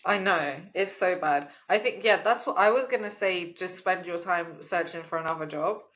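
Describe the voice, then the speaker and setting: A young woman co-hosting a casual podcast chat, relaxed with playful asides. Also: on the low side, moderate pace. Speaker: podcast co-host.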